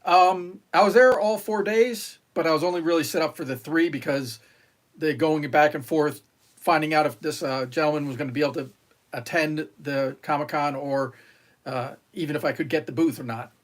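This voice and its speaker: A man's voice: on the high side, normal speed. Chatty retired Marine man, restless storyteller. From New York. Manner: rambling, many restarts and fillers, acts out quotes. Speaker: podcast guest, retired Marine. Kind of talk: casual interview storytelling.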